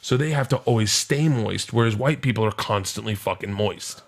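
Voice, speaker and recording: A man's voice: on the low side, moderate pace, creaky. Man telling a rowdy comic story. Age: middle-aged. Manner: animated, profane, laughs mid-story. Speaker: podcast guest. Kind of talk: comedic storytelling.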